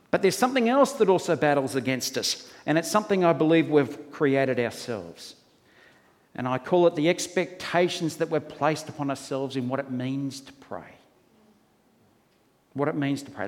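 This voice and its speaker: A man's voice: a little high, long reverb tail. A man preaching a sermon, telling folksy stories and asking rhetorical questions. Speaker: pastor.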